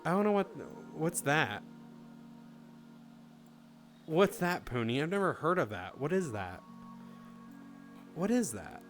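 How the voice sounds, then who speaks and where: A man's voice: on the high side, sing-song, slow, pauses often, a bit bright, soft background music. A man in his thirties chatting casually on a live stream, swearing freely and answering chat.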